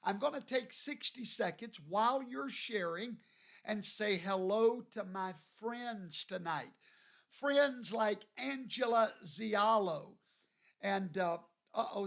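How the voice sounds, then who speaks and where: A man from Louisiana, hosting a livestream and greeting viewers by name in a folksy, drawn-out way. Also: high-pitched, creaky, fairly bright tone. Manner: folksy, drawn-out, reads viewer names aloud. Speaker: show host.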